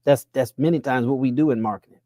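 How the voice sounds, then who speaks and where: A man's voice: fast talker, mellow, no room sound, clean studio sound. A man, giving a motivational money talk in a preaching style, firing off rhetorical questions. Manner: preacher-like, rhetorical questions, pitch swings up when pressing a point. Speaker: money coach.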